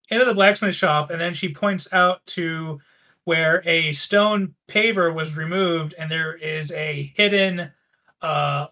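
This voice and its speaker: A man narrating a tabletop game as game master, describing scenes in an unhurried way with some fillers. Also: a little high, bright, forceful tone.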